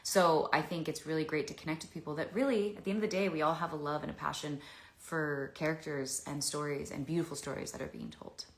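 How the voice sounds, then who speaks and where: Low-voiced woman chatting on a livestream. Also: steady tone, fast. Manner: rambling and warm, with many restarts and fillers. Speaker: actress answering fan questions. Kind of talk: casual livestream chat. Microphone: phone. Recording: echoey room.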